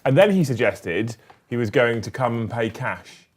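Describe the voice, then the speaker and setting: A man's voice: medium pitch, normal speed. A man hosting a tabletop battle report, chatting casually and telling stories with plenty of swearing. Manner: animated, swears freely, laughs at own stories. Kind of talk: casual chat and storytelling.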